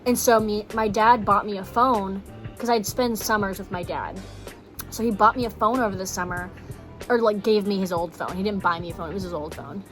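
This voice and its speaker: A woman's voice: medium pitch, fairly even intonation, brisk, over music. A young woman from Texas telling a personal story in a casual vlog, blunt and swearing, full of "like" fillers. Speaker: vlogger.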